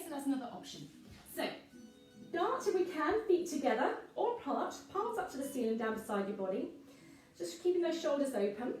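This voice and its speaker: High-voiced woman leading a pilates class. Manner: calm, encouraging cues timed to breathing. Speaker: pilates instructor. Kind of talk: guided workout instruction. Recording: echoey room from far off with music.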